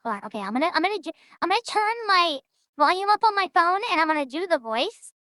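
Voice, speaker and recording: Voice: very high-pitched, sing-song, fast talker, sharp tone, no room sound. A streamer talking through a voice-changer filter that makes them sound childlike, rambling and self-deprecating in casual gameplay commentary.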